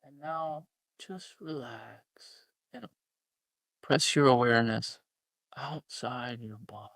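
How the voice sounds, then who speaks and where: A man voicing a soft-spoken meditation teacher in a slow, breathy, hushed way as mockery. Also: mid-range voice, no echo. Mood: mock serene.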